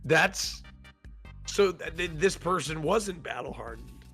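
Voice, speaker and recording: A man's voice: fairly high pitch, animated, slow pace, fairly bright tone, faint music behind. A young man in casual chat, reacting with short prompting questions. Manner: laid-back listener, short prompting questions. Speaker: streamer co-host.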